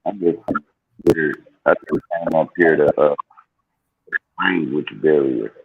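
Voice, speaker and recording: Deep slow man, dull lo-fi. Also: vocal fry, breathy edge, no room sound. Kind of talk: casual chat.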